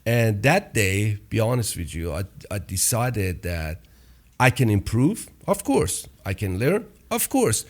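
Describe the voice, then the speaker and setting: A man hosting a podcast, telling stories in a casual, animated and emphatic way. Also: fairly low pitch, unhurried. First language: Farsi or German. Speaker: podcast host. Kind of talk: casual storytelling chat.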